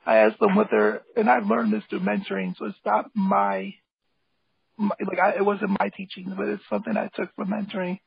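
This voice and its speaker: High gravelly man, rambling and eager. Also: fairly quick, slight background noise. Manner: rambling, filler-heavy, enthusiastic. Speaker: guest, hip hop artist and graphic designer. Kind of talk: casual interview talk. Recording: dull lo-fi call audio, dry.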